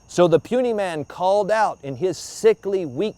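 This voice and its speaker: Guy telling spooky stories, bit high voice, dramatic. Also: expressive, moderate pace, hardly any pauses, no echo. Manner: dramatic, hushed in places. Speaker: storyteller. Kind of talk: ghost story telling. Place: outdoor graveyard.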